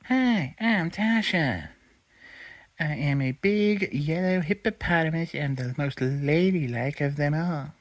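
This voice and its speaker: A man's voice: on the high side, slow pace, no room sound, pitched above the performer's own voice. A man voicing a vain, ladylike female hippo toy who talks in a haughty, self-admiring way.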